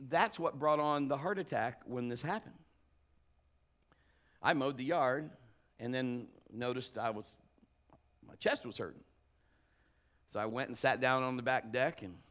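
Middle-aged male pastor, casual folksy sermon, storytelling with restarts, mid-pitched voice. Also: a bit bright. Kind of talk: conversational sermon.

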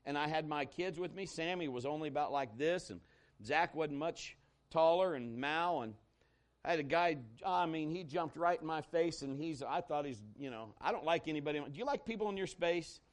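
Animated preaching man. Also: a little high, moderate pace. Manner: animated, conversational, swings from loud to hushed. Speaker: pastor. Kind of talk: sermon with personal storytelling.

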